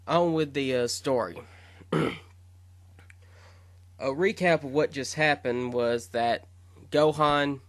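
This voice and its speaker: A man's voice: mid-range voice, a bit bright, no echo. A man casually retelling his own fan fiction story, rambling along with fillers and self-corrections.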